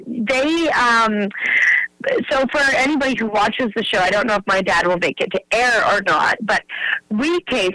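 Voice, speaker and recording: A woman guest in a casual interview, telling an excitable, rambling story. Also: on the high side, no echo, rough recording.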